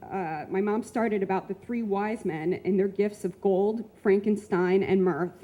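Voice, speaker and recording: A woman reads a personal essay aloud at a live reading, her tone mellow and soft-edged. She keeps her pitch in an ordinary middle range and tells the story at a measured pace. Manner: measured storytelling, voicing quotes with sudden high shrieks. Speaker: featured reader. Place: live reading event before an audience.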